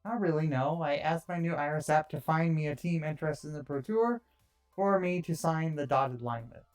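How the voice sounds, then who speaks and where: A man's voice: fairly high pitch, normal speed, distant mic, faint music behind. A man streaming live, reading a visual novel aloud with dry, wry asides.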